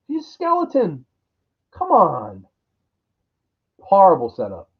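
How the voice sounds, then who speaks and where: A man's voice: fairly high pitch, huge pitch swings, a little slow, vocal fry, long pauses, slightly rough. A man ranting through a crude, exasperated horror movie review, mocking the characters in put-on voices. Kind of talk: profane ranting film review. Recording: dull lo-fi audio.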